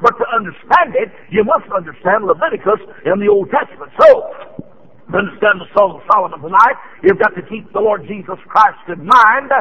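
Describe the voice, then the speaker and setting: An older man from Tennessee, preaching a revival sermon with fervent rises into shouts and frequent "uh" fillers. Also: high voice, sing-song, fairly quick, muffled recording. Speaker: evangelist preacher.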